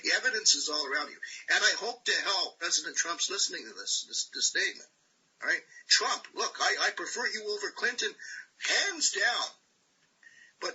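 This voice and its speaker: A man rants with preachy conviction, punching his points with repeated tag questions. His voice is high for a man and very bright, with heavy rasp. It comes through a dull, lo-fi call line. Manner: preachy, repetitive "all right?" tag questions. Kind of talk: impassioned rant on a group call.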